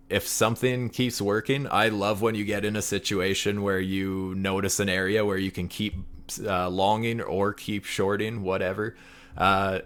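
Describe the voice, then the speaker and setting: Low-voiced man chatting casually. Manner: relaxed, laughs often, many fillers. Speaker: livestream host. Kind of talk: casual trading chat.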